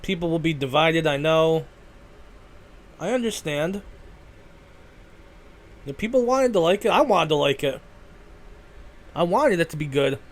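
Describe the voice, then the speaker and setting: Slow-talking man hosting a podcast. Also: a little high, expressive. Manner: rambling, self-correcting, swears casually. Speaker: podcast host. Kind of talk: casual solo podcast talk.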